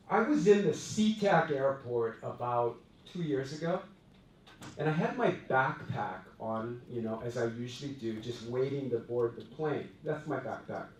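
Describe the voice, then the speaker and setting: A man from Hawaii, a company president, telling stories in a chatty, animated speech to his staff. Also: fairly high pitch. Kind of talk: storytelling speech to employees. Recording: echoey room, voice from far off.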